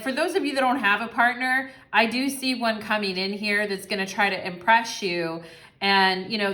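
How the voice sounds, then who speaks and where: A young woman gives a casual tarot reading in a bright, sharp voice. She talks in a chatty, sassy way, swears freely and slips into quick voices for the people she describes. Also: medium pitch. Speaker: tarot reader.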